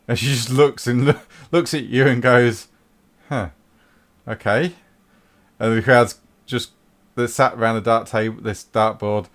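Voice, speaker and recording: Easygoing man narrating a game. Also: fairly low pitch. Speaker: game master.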